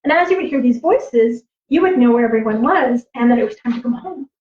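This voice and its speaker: A woman storyteller and teacher on a livestream, animated and laughing, acting out voices as she tells stories. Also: a little high, fairly quick. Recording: roomy, slightly dull livestream audio.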